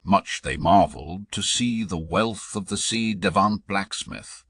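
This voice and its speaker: A man reads narrative poetry for an audiobook, measured and even. His voice is low and his pace unhurried. The recording is dry and close. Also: husky, no room sound.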